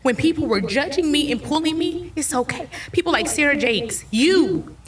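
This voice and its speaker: A woman's voice: high-pitched, expressive, moderate pace, far from the mic. A woman giving a candid faith testimony as an interview guest, earnest and repeating soothing reassurances.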